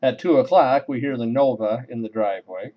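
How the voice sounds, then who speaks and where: Male storyteller, wry and deadpan, mid-pitched, muffled lo-fi recording. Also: a little fast. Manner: wry, deadpan comic timing. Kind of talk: humorous personal storytelling. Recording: dull lo-fi recording.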